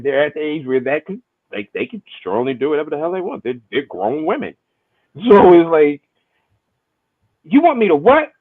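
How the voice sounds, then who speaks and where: A man in his forties, a podcast co-host in casual chat, animated, swearing and laughing often. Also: on the high side, no echo. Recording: tinny phone-like line.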